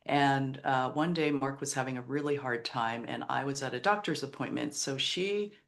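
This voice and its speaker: A woman's voice: a bass voice, normal speed. Earnest middle-aged woman telling a story. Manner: earnest, emotional, retells quotes in other voices. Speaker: podcast guest, memoir author. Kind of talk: heartfelt storytelling interview.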